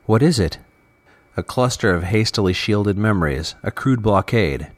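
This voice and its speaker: A man voicing a calm, mysterious male construct that guards memories, speaking in a grave, deliberate way. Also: fairly low pitch.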